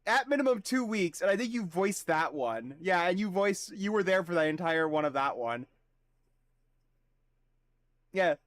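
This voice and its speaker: Recorded with clean studio sound and no room sound, a man speaks in a high-pitched, expressive voice during a game livestream. He chats casually with his viewers, swearing, poking fun at himself and making rapid asides to chat.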